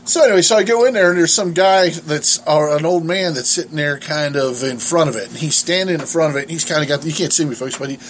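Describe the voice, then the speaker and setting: A man's voice: on the high side, fast talker, hardly any pauses, a little hiss or hum. A man co-hosting a casual podcast, telling profane stories with lots of laughter. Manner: animated, profane storytelling with frequent laughs. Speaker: podcast co-host.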